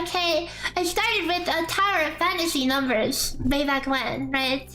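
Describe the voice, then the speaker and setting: A woman's voice: high voice, steady tone, a little slow, bright, forceful tone, rough recording. A woman streamer in a casual live-stream, explaining a game damage calculator in a chatty, rambling way with playful asides. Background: faint background music.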